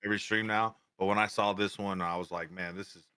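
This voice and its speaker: A man's voice: fairly low pitch, fairly even intonation, fast talker, bright, forceful tone, clear, resonant tone, no echo, studio quality. A man co-hosting a podcast, chatting casually and cracking crude jokes. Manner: crude joker, interjects. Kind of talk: casual chat.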